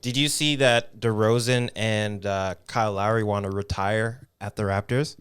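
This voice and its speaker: A man co-hosting a podcast in casual chat, easygoing and quick to laugh. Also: lowish voice, steady tone, a bit bright, smooth, dry recording. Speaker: podcast co-host.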